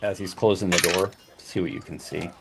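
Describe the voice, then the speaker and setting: Low-voiced man game master. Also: fairly even intonation, brisk, vocal fry, heavy background noise. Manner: meandering, full of fillers. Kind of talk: narrating a tabletop game.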